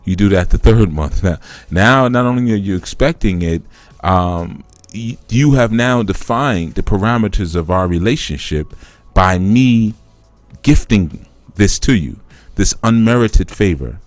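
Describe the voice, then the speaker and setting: A man's voice: lowish voice, animated, a little slow, dry recording, soft background music. A man hosting a live spiritual teaching talk, explaining through a conversational parable that he acts out.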